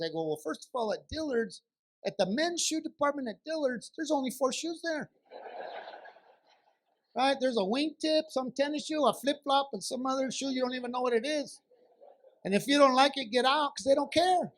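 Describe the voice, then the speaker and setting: On stage at a benefit show, a very high-pitched man tells stories at a moderate pace. He brings them to life by acting out a back-and-forth between his wife and himself.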